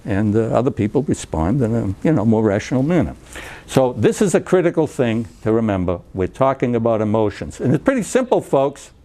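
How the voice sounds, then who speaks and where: A man's voice: medium pitch, sing-song, fairly quick, dark tone. An older man giving a chatty talk, full of fillers and restarts, acting out dialogue and chuckling between points. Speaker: speaker giving a talk on recovery therapy. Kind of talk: anecdotal lecture to a group. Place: lecture room.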